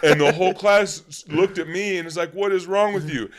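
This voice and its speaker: Young male podcast host, slightly high voice, animated storyteller, casual chat. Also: a little fast. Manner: animated, breaks into laughter while telling stories.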